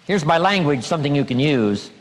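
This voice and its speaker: A man giving a motivational seminar lecture, emphatic and drawing out key words slowly. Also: a little high, expressive. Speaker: seminar speaker. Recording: long hall reverb.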